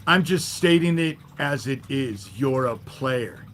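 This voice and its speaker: Hosting a livestream, this man rants slowly in a mid-range, animated voice, with a faint hiss or hum behind it. He sounds irritated, profane and confrontational, throws sarcasm at commenters, and keeps adding "you know?"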